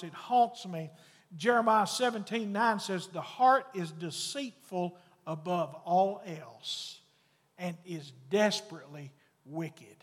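High-voiced man preaching in a hall. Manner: preaching with sudden loud mocking voices and soft low asides. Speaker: pastor. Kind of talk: sermon.

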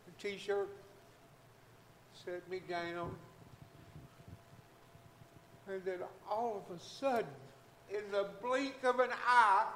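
A middle-aged man, a physician, giving a fervent, emotional testimony in church and breaking into shouts of hallelujah. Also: sits high, reverberant. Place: church sanctuary.

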